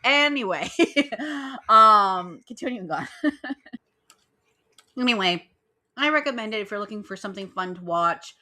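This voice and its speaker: A woman's voice: mid-range voice, lively intonation, measured pace, pauses often, sharp tone. A young woman hosting a casual podcast, rambling with lots of fillers and giggles. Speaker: podcast host.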